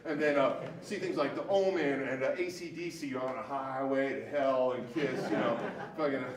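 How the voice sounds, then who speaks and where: A man's voice: mid-range voice, fairly even intonation, normal speed, crowd noise. A man telling a true story live on stage in a rambling, digressive, profane way. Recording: echoey room, mic at a distance, faint noise.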